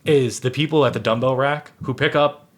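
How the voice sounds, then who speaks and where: A male podcast host with a middle-range voice, chatting casually. He rambles in an easy, relaxed way. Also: medium pitch, moderate pace. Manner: relaxed, rambling, lots of "like" fillers.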